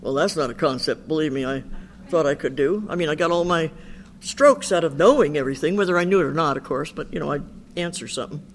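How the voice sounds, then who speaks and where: A woman's voice: low-pitched, fast, slight background noise. Older woman telling her recovery story. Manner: candid, chatty storytelling with quoted dialogue. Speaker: Al-Anon speaker. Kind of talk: personal recovery talk.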